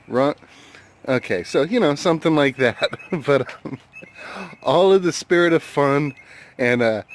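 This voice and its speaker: American man, easygoing vlog host, average pitch, relaxed chatter outdoors. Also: slight background noise. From United States. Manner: laid-back, chatty, laughs easily. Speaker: metal detecting vlogger. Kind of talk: casual vlog talk to camera. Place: outdoors at a hunting site and by his truck.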